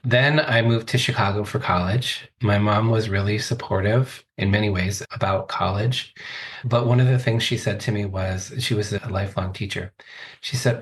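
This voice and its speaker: A man's voice: on the low side, fairly even intonation, normal speed. A man in his forties, a coach, telling his life story as a podcast guest in a thoughtful, earnest way. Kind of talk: reflective interview talk.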